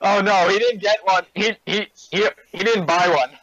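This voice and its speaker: A man's voice: high voice, normal speed, a bit bright, highs cut off. A man playing in a tabletop game, talking casually and hesitantly, often restarting his sentences. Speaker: player. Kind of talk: casual tabletop role-play chat.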